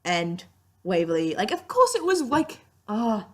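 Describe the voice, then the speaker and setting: A woman's voice: mid-range voice, very animated, measured pace. A young woman giving a casual, rambling TV review, chatty and gushing with lots of fillers, tired and yawning. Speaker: TV series reviewer.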